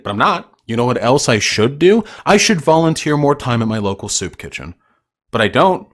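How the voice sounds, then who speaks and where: A man's voice: fairly high pitch, very animated, normal speed, fairly bright tone. Profane, ranting young male streamer. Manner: profane, combative, mocking. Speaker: livestream host. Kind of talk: ranting livestream chat with viewers.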